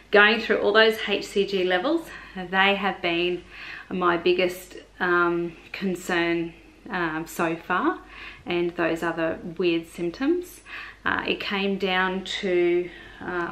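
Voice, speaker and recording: A woman's voice: on the low side, pushed and bright, low-quality recording. A young adult woman, chatting in a rambling way in a casual vlog and retelling conversations with many fillers. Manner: chatty, rambling, lots of fillers and retold dialogue. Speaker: vlogger. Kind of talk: casual pregnancy update vlog.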